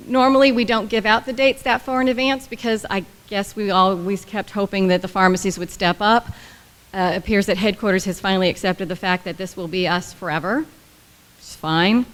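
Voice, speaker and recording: Woman presenter, blunt, animated and joking, medium-pitched voice, heard with long reverb in a meeting hall. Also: brisk. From United States. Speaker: government agency presenter. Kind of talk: workshop presentation. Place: conference room.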